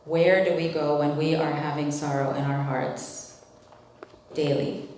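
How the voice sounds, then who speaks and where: Woman teaching a bible study, low voice, loose and chatty, big echo, mic far off. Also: little pitch movement, measured pace, darkish tone, a little hiss or hum. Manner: conversational, asks the group questions, many fillers. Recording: very echoey room, mic at a distance.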